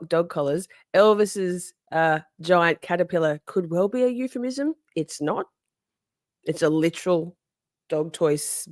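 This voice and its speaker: A woman's voice: lowish voice, darkish tone, no echo, studio quality. A woman hosting a casual livestream, chatty and sassy, reading out viewer comments, answering them, laughing often and swearing freely. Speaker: livestream host.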